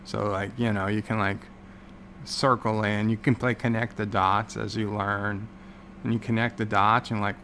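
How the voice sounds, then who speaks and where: A man's voice: on the low side, fairly even intonation, moderate pace, fairly bright tone, slight background noise. A man hosting a casual livestream from home, rambling sarcastically with many filler words. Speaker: livestream host.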